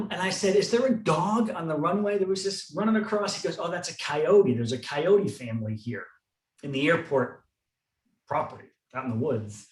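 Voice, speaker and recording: Man, podcast co-host, dry matter-of-fact chat, slightly high voice, echoey room, off-mic. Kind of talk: casual conversational chat. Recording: roomy sound, distant from the mic.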